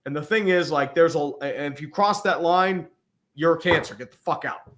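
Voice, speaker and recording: A man's voice: fairly high pitch, moderate pace, fairly bright tone. A man hosting a casual sports livestream, talking in a blunt, rambling, profanity-heavy way. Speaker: podcast host.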